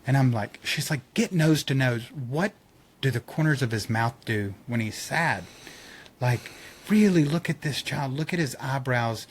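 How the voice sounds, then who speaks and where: A man's voice: medium pitch, slight background noise. A man on a podcast telling a personal story in casual chat, acting out quotes and laughing often.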